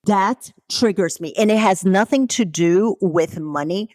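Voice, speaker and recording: A woman's voice: medium pitch, measured pace, a little mellow, no echo, studio quality. A woman hosting a podcast, speaking outspokenly and emphatically, with swearing for emphasis. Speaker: podcast host. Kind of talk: conversational podcast interview.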